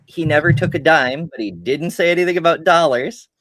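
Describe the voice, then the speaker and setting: Speaking fairly quickly in a low voice with no room sound, a female podcast co-host reads out comments from viewers. After each one she offers blunt, frank replies, keeping the chat casual.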